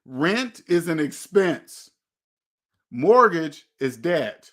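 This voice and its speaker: A man's voice: a little high, very animated, drawn-out words, fairly bright tone. A man hosting a motivational money talk, preachy and emphatic, driving points home with repeated questions. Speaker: host.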